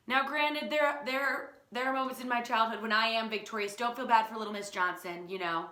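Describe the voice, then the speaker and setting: A young woman teacher telling a family story to children, playful and animated, acting out the quoted lines. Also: a little high, moderate pace. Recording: echoey room.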